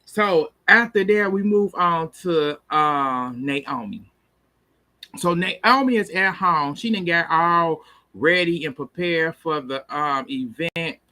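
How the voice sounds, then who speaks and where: A man casually recapping a TV episode, animated and laughing often as he retells the scenes. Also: fairly high pitch, slow. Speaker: TV episode reviewer.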